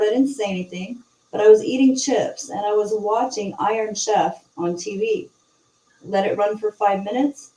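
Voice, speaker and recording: A woman hosting a casual chat, telling a story in a lively, chatty way. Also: mid-range voice. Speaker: host. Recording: echoey room, distant from mic.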